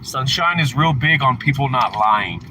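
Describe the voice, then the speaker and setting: A man's voice: mid-range voice, expressive, moderate pace, bright, forceful tone, a little hiss or hum, rough recording. A man hosting a casual livestream, rambling and candid, telling crude family stories from his car. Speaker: livestream host.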